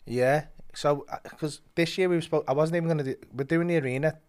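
A man's voice: fairly high pitch, steady tone, quick pace, darkish tone, clean tone. A man, a comedian in a casual podcast chat who rambles and swears freely.

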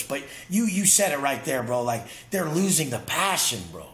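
A man's voice: on the high side, big pitch swings, normal speed, a bit bright, echoey room. A man talking as an interview guest, intense and profane, telling emphatic stories in casual conversation. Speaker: podcast guest.

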